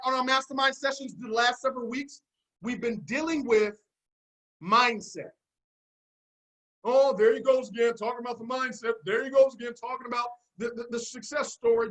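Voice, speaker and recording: Bright-voiced preachy motivational speaker man. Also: extremely high pitch, low-quality recording. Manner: preachy call-and-response, confident, repeats key phrases. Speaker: network marketing team leader. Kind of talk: motivational seminar talk.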